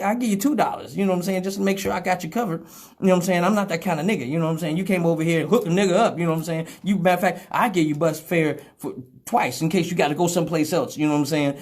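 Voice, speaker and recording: A man hosting a live show, telling a story in casual, profane talk that swings from loud exclamations to low mutters. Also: quick pace. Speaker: radio show host.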